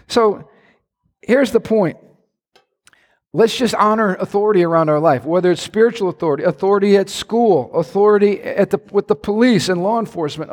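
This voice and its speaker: A man preaching a sermon as a pastor, animated, with sudden shouts and playful impressions. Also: high voice. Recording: long church hall reverb.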